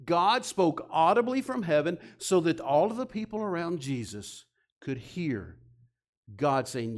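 A man preaching from the pulpit with a fairly high voice. He drops to hushed, almost whispered lines, then pushes back up into loud urgent emphasis. His delivery leans on heavy pauses as he retells scripture. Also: expressive. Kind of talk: sermon.

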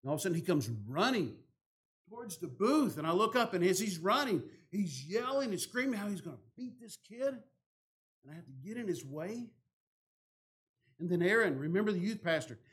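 A man, a pastor telling a story from the pulpit, growing louder and more animated in the dramatic parts. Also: sits high. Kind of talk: sermon storytelling.

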